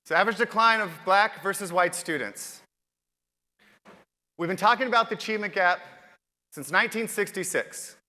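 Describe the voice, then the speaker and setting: A man's voice: fairly high pitch, sharp tone. Upbeat man giving a keynote in a hall. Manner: upbeat, addresses the audience directly with questions. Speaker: conference keynote host. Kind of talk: conference keynote speech. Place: large conference hall. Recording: reverberant hall with long echo.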